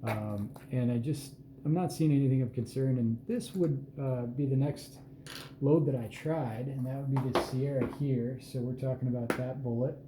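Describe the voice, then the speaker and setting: A man giving an unhurried, plain-spoken walkthrough at an indoor reloading bench, with self-deprecating asides. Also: medium pitch, fairly even intonation, background noise. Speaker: host showing his hand loads. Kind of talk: casual hands-on explanation. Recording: roomy echo with faint ambience.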